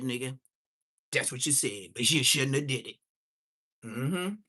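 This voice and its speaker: A man on a live stream, animated and profane, mocking other streamers in roasting commentary. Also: medium pitch, unhurried, pauses often.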